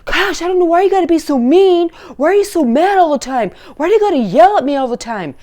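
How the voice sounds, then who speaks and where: A woman's voice: very high-pitched, lively intonation, quick pace, mellow, pitched above the performer's own voice. A woman voicing a whiny, defensive teenager who complains about being nagged. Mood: aggrieved. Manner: whiny, aggrieved questions.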